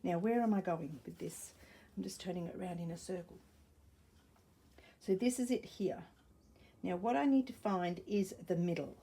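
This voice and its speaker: A woman's voice: on the low side, moderate pace, pauses often, warm tone, slightly rough. A woman chatting and thinking aloud in a casual crafting vlog at home, rambling and correcting herself as she goes. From Australia. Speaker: sewing crafter. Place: home room with a wooden floor. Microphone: camera set up nearby.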